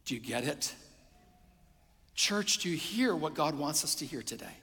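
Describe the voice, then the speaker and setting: A middle-aged man, a pastor preaching a sermon, swinging between loud emphasis and hushed near-whispers. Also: a little high, expressive, normal speed. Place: church sanctuary. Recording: long hall reverb.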